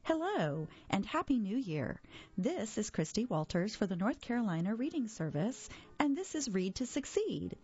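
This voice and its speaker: A woman reading a children's story aloud for a reading service, in a gentle, clear storytelling manner. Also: medium pitch, big pitch swings, normal speed, lo-fi sound. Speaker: audio reader for a reading service.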